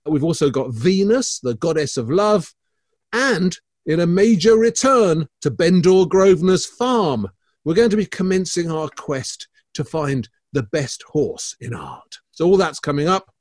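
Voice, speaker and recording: A man's voice: on the high side, lively intonation, unhurried, darkish tone, no room sound, clean studio sound. A man co-hosting an art podcast, bantering in a playful, theatrical way with his co-host.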